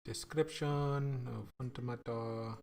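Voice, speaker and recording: A man streaming himself coding, thinking aloud in a casual, halting way, often trailing off and laughing at his own mistakes. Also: medium pitch, steady tone, vocal fry, a little mellow. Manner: slow, halting, self-mocking, laughs at himself.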